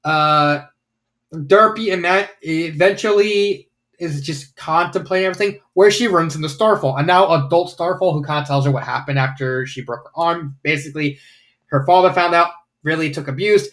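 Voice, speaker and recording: A man's voice: fairly high pitch, normal speed, fairly bright tone. A man casually reviewing fanfiction, rambling with lots of fillers and the odd swear word.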